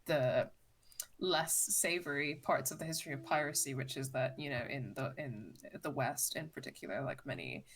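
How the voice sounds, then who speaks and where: A woman's voice: rumbling low, normal speed, low-quality recording. A woman co-hosting a let's play, chatting casually and teasing her partner while making outspoken political asides. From United Kingdom. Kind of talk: casual chat over gameplay.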